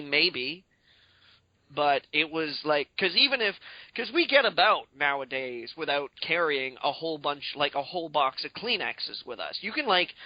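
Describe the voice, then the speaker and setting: Rambling, joking podcast host. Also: male voice, fairly high pitch, dry recording, muffled recording. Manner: rambling, exaggerated comic riffs. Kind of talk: casual comedic chat.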